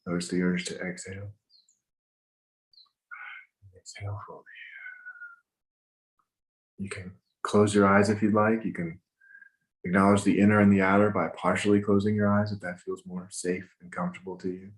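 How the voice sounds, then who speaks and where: Man with a low voice, meditation guide, slow gentle pacing, recorded at home. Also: little pitch movement, low-quality recording. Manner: slow, gentle instructions with pauses. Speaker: meditation teacher. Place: home with windows open.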